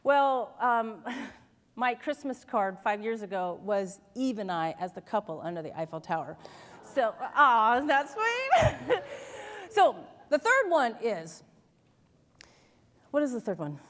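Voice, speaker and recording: A woman motivational speaker telling stories in a keynote speech, animated and laughing, asking the audience questions. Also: medium pitch, measured pace. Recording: large hall with long reverb.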